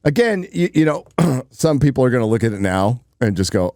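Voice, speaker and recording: A man's voice: medium pitch, sing-song, a little fast, darkish tone, no room sound, studio quality. A man hosting a livestream, giving blunt, rambling commentary and swearing casually. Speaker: livestream host.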